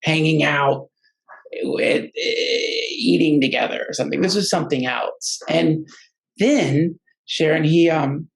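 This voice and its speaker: A man's voice: on the high side, vocal fry, rough recording. A man telling a personal story in a casual, rambling way, often stopping and restarting his sentences. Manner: halting and rambling, many restarts. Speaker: guest storyteller.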